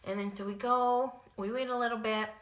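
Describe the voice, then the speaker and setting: A woman's voice: fairly high pitch, fairly even intonation, a little fast, a bit bright, roomy sound. A young adult woman telling a personal story in a casual vlog, chatty and full of "like" and "um". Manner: chatty, lots of "like" and "um" fillers. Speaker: vlogger.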